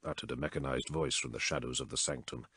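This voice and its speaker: A man reading a science-fiction audiobook as narrator in measured, storytelling narration. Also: very deep voice, fairly even intonation, bright, forceful tone, breathy edge, no echo, studio quality. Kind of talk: scripted narration.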